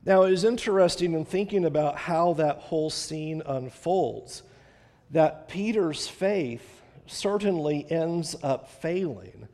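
Male preacher, high-pitched, dramatic and earnest in delivery, long hall echo. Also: a little mellow. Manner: earnest preaching, dramatic retelling with rising intensity. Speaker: pastor. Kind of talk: sermon.

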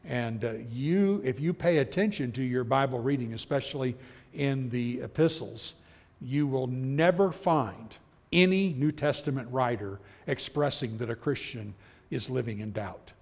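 A middle-aged man teaching a Bible class, telling stories in an animated way and acting out the voices he quotes. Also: medium pitch, unhurried. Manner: chuckles as he talks. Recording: long hall reverb.

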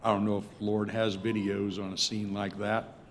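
A male preacher telling a story in a sermon, swinging between loud emphasis and hushed tones. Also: on the low side, flat delivery, moderate pace, slight background noise.

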